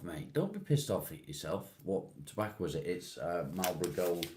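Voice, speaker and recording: Guy with a really deep voice, laid-back live chat, answering comments, bit of faint hiss. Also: expressive, fairly quick, darkish tone. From England. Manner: laid-back, calls viewers mate, answers comments one by one. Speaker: livestream host.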